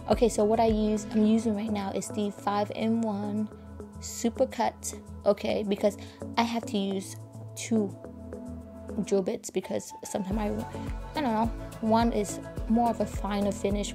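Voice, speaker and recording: A woman giving a chatty nail-art tutorial voice-over, talking casually to viewers and keeping her voice hushed at times. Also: mid-range voice, level tone, unhurried, over music. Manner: soft, hushed and breathy at times, keeping quiet for a sleeping child; chatty and informal, addressing viewers as "guys". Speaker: nail educator.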